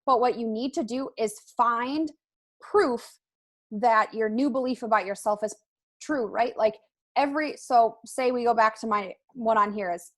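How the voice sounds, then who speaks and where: A woman's voice: on the high side, a little slow. Chatty young woman leading a team call. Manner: chatty, lots of "like" and "um". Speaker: team call host and coach. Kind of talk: casual motivational talk.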